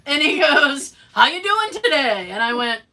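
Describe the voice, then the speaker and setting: Animated, sarcastic woman telling a story. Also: sits high, moderate pace. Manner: animated, sarcastic, acts out quotes. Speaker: podcast co-host. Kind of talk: casual storytelling chat.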